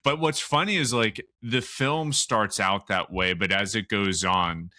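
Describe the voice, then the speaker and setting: A man with a very low voice that still has a bright, forward edge, co-hosting a film chat in a lively, joking way. The recording is dry and close. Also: no echo. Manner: energetic, joking, quick questions. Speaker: co-host.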